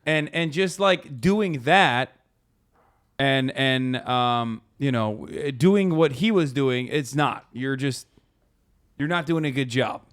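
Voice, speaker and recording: A man hosting a casual live stream, reacting to posts with animated, profane commentary. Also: mid-range voice, slow pace. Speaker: streamer host.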